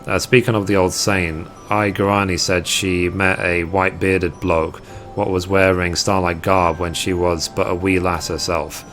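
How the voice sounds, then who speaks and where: A man reading aloud the lines of a gruff, rough-spoken man who hands out quests in a game, in a plain, blunt delivery. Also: sits low, flat delivery, a little slow, few pauses, fairly bright tone, faint music behind.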